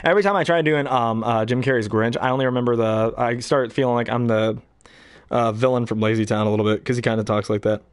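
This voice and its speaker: A man's voice: mid-range voice, steady tone, fast, clean tone, dry recording. A young man casually chatting between impressions, rambling and hesitant with many fillers. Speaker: hobby voice actor.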